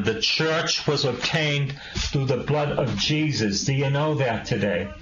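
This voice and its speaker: A man preaching a sermon, reading scripture aloud and breaking in with quick, emphatic asides to the congregation. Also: medium pitch, a bit bright. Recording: echoey room, dull lo-fi sound with faint hiss.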